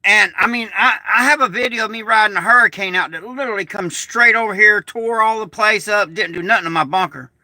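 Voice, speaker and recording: A man telling a rambling, excitable story on a casual livestream, swearing and restarting often. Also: sits high, fairly quick, few pauses, no echo. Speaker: prepper vlogger. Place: small shed turned bunker.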